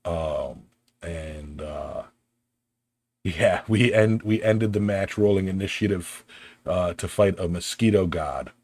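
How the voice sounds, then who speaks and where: Man, podcast host, deep and slow, easygoing, joking. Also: darkish tone. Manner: laid-back, filler-heavy and joking. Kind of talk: casual podcast chat.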